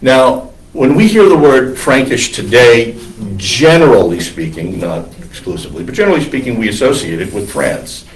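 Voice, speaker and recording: A priest lecturing on church history in a classroom, wandering into digressions with many ums and uhs. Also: male voice, mid-range voice, animated, moderate pace, few pauses. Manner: discursive, digressive with many fillers. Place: classroom with students. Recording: roomy classroom from far off.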